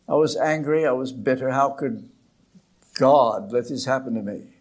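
An older man preaching a sermon in a slow, dramatic way, with emphatic pauses. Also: medium pitch.

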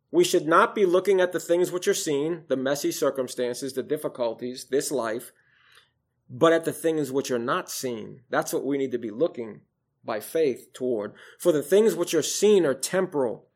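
A man preaching a sermon, quoting scripture in old King James wording and swinging from loud emphasis to quiet, low passages. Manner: rises and falls in volume, emphatic then hushed.

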